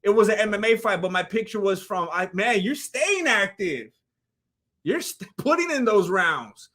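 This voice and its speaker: A man's voice: high voice, normal speed. A young man chatting casually on a live stream, commenting on a fight video and acting out the people in it. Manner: animated storyteller, voices the people in the clip.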